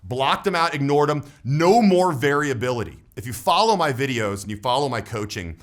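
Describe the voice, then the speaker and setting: A man in his forties, a voice and status coach, talking through a coaching vlog in an animated way and tagging his points with "right?". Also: medium pitch, moderate pace.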